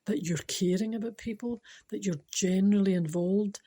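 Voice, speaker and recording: A woman's voice: mid-range voice, moderate pace, mellow. A woman with a Scottish accent telling a moving story and giving a spiritual talk, chatty and emotional, laughing often.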